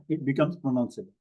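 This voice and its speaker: A man teaching a Sanskrit grammar class online, explaining slowly and deliberately with many fillers and spelling out syllables letter by letter. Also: fairly high pitch, slightly rough. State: coughing at times.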